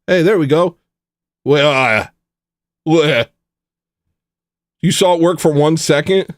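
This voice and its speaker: A man's voice: a little high, slow, no room sound, studio quality. A man hosting a casual livestream, rambling and joking as he answers his chat. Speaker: livestream host. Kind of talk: casual livestream chat, reading viewer messages.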